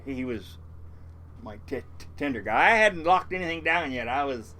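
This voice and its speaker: Animated older man spinning salty yarns. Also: mid-range voice, moderate pace. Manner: animated, swears freely, lots of restarts and chuckles. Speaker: fishing boat captain, podcast guest. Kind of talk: rambling storytelling in a casual interview.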